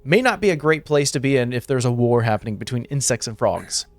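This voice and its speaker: A man's voice: mid-range voice, animated, fairly quick, dry recording. Man running a tabletop game, dry sound. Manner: rambling, many fillers. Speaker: game master.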